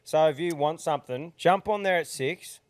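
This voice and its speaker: Young Aussie co-host, upbeat and emphatic, dry close mic. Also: male voice, fairly high pitch, moderate pace, clear, resonant tone, dry recording. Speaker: podcast co-host. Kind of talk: casual chat.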